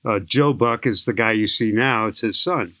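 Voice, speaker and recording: A man in his sixties from St. Louis, a skydiving instructor telling lively, enthusiastic stories as a podcast guest. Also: lowish voice, moderate pace, dry recording. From St. Louis, USA. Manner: enthusiastic, lively anecdotal storyteller. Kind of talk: animated storytelling in an interview.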